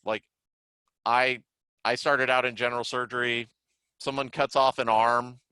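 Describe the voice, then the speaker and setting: A man, a trainer and psychiatrist, lecturing in a relaxed, conversational way with many filler words. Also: medium pitch, smooth, no echo, low-quality recording. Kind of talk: casual online lecture.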